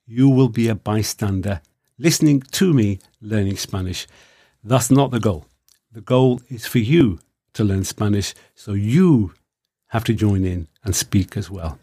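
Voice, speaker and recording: Radio host guy learning spanish, explains stuff clearly, dead dry studio. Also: mid-range voice, dark tone, no echo. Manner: clear, explanatory, tries out phrases carefully. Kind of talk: radio language lesson.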